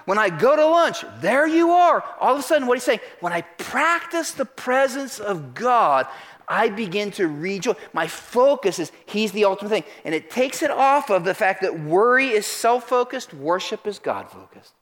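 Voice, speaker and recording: A man preaching a sermon in church, asking the congregation questions and urging them to answer out loud. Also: sits high, moderate pace. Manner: animated, calls out questions to the congregation. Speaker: pastor. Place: church sanctuary.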